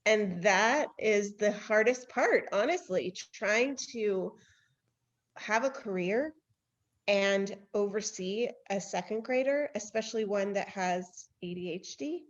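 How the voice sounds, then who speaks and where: A woman's voice: mid-range voice, slow, lo-fi sound. A woman in her thirties co-hosting a podcast, telling a story in a candid, self-deprecating way with frequent laughs and sighs. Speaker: podcast co-host. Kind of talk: casual chat.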